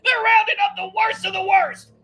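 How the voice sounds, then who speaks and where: A man's voice: very high-pitched, fairly even intonation, moderate pace, sharp tone, faint music behind, full character voice. A man playing a furious drill sergeant who barks insults at recruits. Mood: barking. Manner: barking insults. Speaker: drill instructor.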